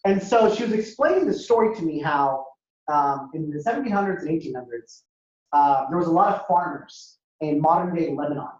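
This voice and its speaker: A man giving a lively storytelling talk as a guest speaker at a university, acting out dialogue in a casual way. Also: on the high side, fairly quick. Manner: animated, acts out dialogue, casual. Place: university lecture hall. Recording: echoey hall, dull lo-fi sound.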